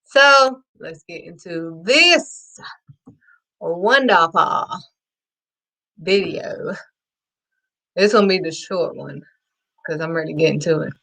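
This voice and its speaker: A woman hosting her own faith talk show, excitedly preaching to her viewers and calling them sweetheart. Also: lowish voice, slow pace, vocal fry, long pauses. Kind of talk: casual preaching to camera.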